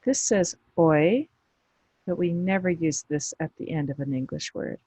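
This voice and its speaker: A woman teaching phonics, saying each letter sound slowly and clearly, then explaining briefly when it is used. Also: low voice, warm tone, no room sound, low-quality recording. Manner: pronounces isolated sounds deliberately, explains briefly. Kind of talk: slow instructional phonics drill.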